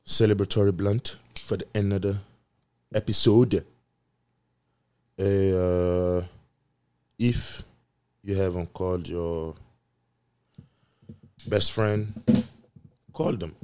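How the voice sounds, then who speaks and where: A man with a very low voice hosts his own podcast, rambling in a loose, profane monologue. He preaches and repeats his points for emphasis, going loud on some phrases and quiet on others. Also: fairly even intonation, slow, pauses often, clean tone. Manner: repetitive emphatic delivery, swinging loud and soft. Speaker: podcast host. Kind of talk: casual solo podcast monologue.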